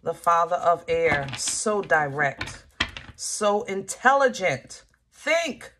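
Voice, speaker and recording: A woman's voice: on the low side, sing-song, slow pace, background noise. A woman reading tarot cards for her viewers in a casual, emphatic way, repeating her warnings and laughing often. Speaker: tarot reader.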